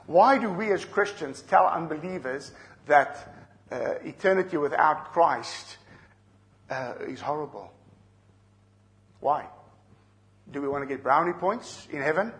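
A middle-aged man preaching a sermon, earnest and measured, dropping soft and then rising loud to drive a point home. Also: on the high side, animated. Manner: earnest, swings from soft to shouting for emphasis. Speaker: pastor.

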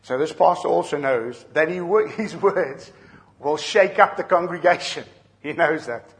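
A middle-aged preacher with a somewhat high voice delivers an earnest sermon. He swings from soft, low asides to loud, urgent calls, and his pitch moves widely across each point. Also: animated, moderate pace. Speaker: pastor.

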